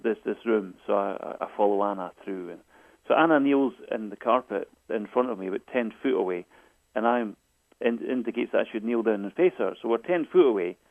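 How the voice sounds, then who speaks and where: A man's voice: lowish voice, animated, a little fast, no echo. A man, a guest author, telling stories in a hesitant way, repeating and restarting his words often. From Scotland. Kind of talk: phone interview storytelling. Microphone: phone. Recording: tinny phone line.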